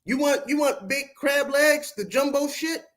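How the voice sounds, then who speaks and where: In an extremely high, slightly bright voice, a Baltimore man with a local accent takes his time as he lays into his podcast livestream's chat. His heated rant is confrontational, profane, and preachy, delivered in a street style.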